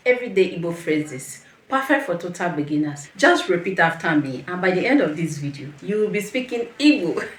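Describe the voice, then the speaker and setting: A woman's voice: on the low side, sing-song, brisk, reverberant. A woman teaching a beginner language lesson, patiently repeating each phrase and encouraging the viewer to say it after her.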